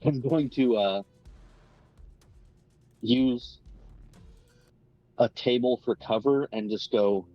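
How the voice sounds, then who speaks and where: A man's voice: mid-range voice, takes it slowly, pauses often, dry recording. A man playing a tabletop game, eager and jokey in casual chat. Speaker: player. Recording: dull lo-fi sound with faint music.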